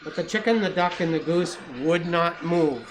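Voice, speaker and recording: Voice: medium pitch, moderate pace, slight background noise. A storytime reader, reading a picture book aloud to children with playful asides. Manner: playful, with asides to young listeners.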